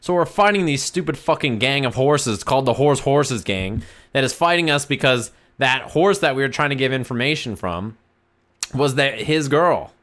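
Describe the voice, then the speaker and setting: A man's voice: mid-range voice, normal speed. A man streaming, casually telling a rambling, profanity-laced story to his chat. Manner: animated, profane, rambling anecdote.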